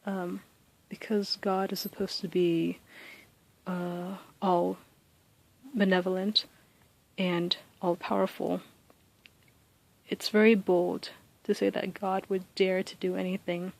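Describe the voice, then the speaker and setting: A woman giving a casual spoken lesson, thinking aloud with many ums and uhs and reading poem lines slowly and deliberately. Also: medium pitch, flat delivery, creaky, rough recording. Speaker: teacher explaining close reading.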